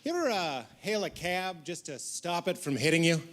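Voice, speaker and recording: A man doing a stand-up comedy set, telling jokes in an animated way and jumping into high mock voices. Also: normal speed, a little hiss or hum.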